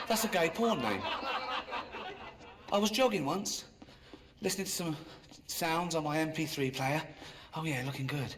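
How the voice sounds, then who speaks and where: Self-mocking comedian, live crowd. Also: male voice, animated, a little slow. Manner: dry self-mocking delivery that jumps into high exasperated squeals. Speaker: stand-up comedian. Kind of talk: stand-up routine. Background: audience laughing.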